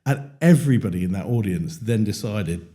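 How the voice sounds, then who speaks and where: A British man hosting a leadership podcast, telling anecdotes and acting out quoted lines in a lively conversational way. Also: on the low side, brisk. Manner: animated storyteller, acts out quotes. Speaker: podcast host. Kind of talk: casual conversation.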